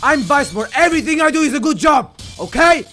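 Excitable high-voiced gamer man. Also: brisk, soft background music. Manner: loud, shouty, swears a lot, jokey. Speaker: gaming YouTuber. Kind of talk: excitable gameplay commentary.

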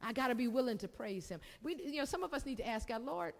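A woman's voice: fairly high pitch, expressive, quick pace. A woman pastor preaching a sermon, repeating phrases and calling for responses from the congregation. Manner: preaching with call-and-response and repetition. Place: church sanctuary. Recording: long reverb of a church hall.

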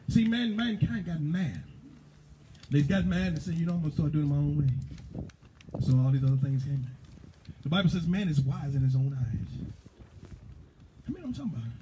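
Fervent high-voiced male preacher. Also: animated, fairly quick, long pauses, a little hiss or hum, poor audio. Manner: fervent call-and-response preaching, rising to shouts. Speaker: pastor. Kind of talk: sermon. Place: church sanctuary.

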